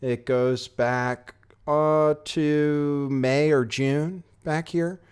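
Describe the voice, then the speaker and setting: A man's voice: on the high side, steady tone, very slow, a little mellow, smooth. A man hosting a casual commentary show, talking in a sardonic, rambling way with offhand asides. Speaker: host. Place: home studio, California.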